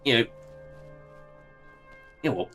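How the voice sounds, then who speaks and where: A man's voice: slow pace, fairly bright tone, faint music behind. A man casually commenting on a game he plays on a livestream, wry and chatty, laughing at his own jokes.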